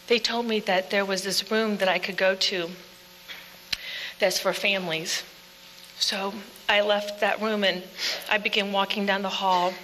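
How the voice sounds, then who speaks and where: A woman giving an earnest personal testimony speech in plain storytelling, dropping to quiet passages. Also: medium pitch, fairly even intonation, unhurried. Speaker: speaker telling her own story. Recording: echoey hall with faint hum.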